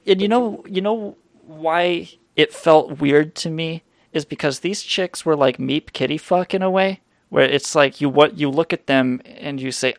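A man's voice: fairly high pitch, a little slow, hardly any pauses, no room sound, studio quality. A man telling a rambling street story to his stream chat, swearing a lot and restarting his sentences. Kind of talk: casual storytelling, profane.

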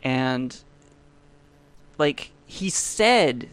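A man's voice: medium pitch, animated, extremely slow, fairly bright tone, clear, resonant tone, no room sound. Guy rambling on his podcast, jokey but heartfelt, dry close sound. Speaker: podcast host. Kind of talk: casual podcast monologue.

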